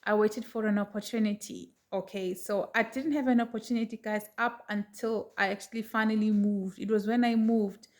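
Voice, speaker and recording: A middle-aged woman telling a personal story to her viewers in a chatty, animated way. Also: medium pitch, normal speed, hardly any pauses. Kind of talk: casual storytelling to camera.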